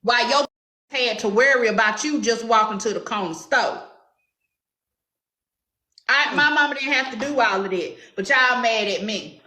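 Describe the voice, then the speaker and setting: A woman's voice: fairly high pitch, moderate pace, long pauses, bright, forceful tone, echoey room. A woman with a Southern drawl, hosting a heated commentary chat in a sassy, confrontational way. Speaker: commentary show host.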